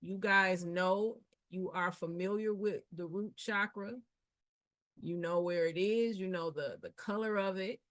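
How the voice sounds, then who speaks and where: A coach leading a group session, talking in a relaxed, casual, slangy way. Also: medium pitch, no room sound.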